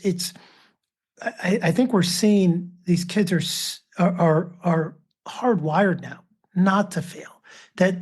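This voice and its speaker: A man's voice: sits high, a little mellow, husky. Storytelling man in his fifties. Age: 50s. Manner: anecdotal, acts out quoted voices. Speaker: podcast guest, author and father. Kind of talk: casual interview storytelling.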